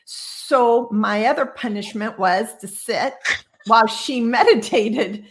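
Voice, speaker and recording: A woman in her sixties from Iowa with a slightly high voice tells her story as a guest over a video call. She talks casually and animatedly and slips into the voices of the people she quotes. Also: slow. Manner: lively storyteller who acts out quoted dialogue. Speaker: guest psychic medium.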